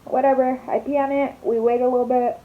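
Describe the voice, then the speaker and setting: A woman's voice: sits high, flat delivery, fairly quick. Chatty young woman doing her makeup. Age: young adult. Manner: chatty, dramatic, fillers and swearing. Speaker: vlogger. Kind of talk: casual storytelling vlog. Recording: slightly dull recording, faint hiss.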